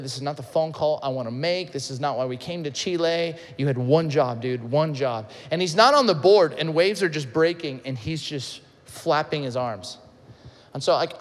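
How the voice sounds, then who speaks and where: A man preaching a sermon, telling stories with lively acted-out quotes and shifts between loud and soft. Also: a little high, in a large hall. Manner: animated storytelling, acts out quotes, swings loud and soft. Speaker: pastor. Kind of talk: sermon with storytelling.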